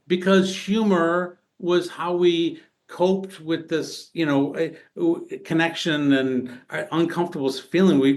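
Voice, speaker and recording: A man as a podcast guest, telling stories casually, halting and restarting often, with animated retellings. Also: fairly high pitch. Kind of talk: casual storytelling conversation.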